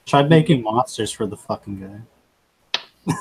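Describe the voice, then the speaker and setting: A man playing in a tabletop game, relaxed and joking. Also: lowish voice, a little slow, husky, low-quality recording. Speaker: player. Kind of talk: casual tabletop play.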